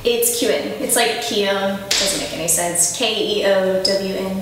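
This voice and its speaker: A woman's voice: medium pitch, unhurried, natural voice. A woman playing a nervous, eager young actress. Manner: hesitant, apologetic, lots of fillers. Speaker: auditioning actress. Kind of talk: scripted comedy sketch. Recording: echoey room, far from the mic, noisy.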